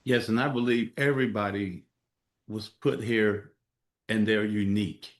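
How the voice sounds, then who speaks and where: A man with a fairly low voice hosts an interview in a reflective, affirming way. His voice carries the echo of a roomy space. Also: fairly even intonation, unhurried. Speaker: interview host. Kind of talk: interview conversation. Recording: echoey room.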